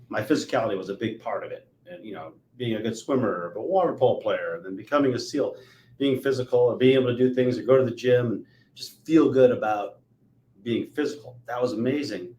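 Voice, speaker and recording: 40s guy hosting a podcast, storytelling with lots of energy, roomy echo, mid pitch. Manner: animated storyteller, acts out quotes. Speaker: podcast host. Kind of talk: conversational interview. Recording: echoey room.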